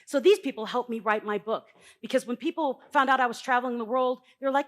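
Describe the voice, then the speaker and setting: A middle-aged woman speaks on a conference stage in a live motivational talk. Her voice sits a little high, and she talks bluntly and emphatically. She swings between loud, punchy lines and quiet asides. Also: a little fast, few pauses.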